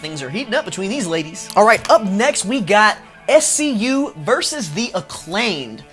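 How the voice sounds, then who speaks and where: A man hosting a casual wrestling recap, profane and animated, laughing often and mimicking wrestlers in quick bursts. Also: sits high, faint music behind. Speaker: wrestling review host.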